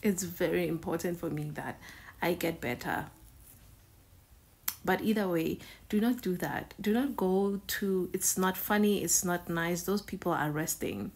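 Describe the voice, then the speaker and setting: A woman's voice: fairly low pitch, measured pace, husky. A woman hosting a reaction video in a casual, conversational way, often repeating words and phrases for emphasis.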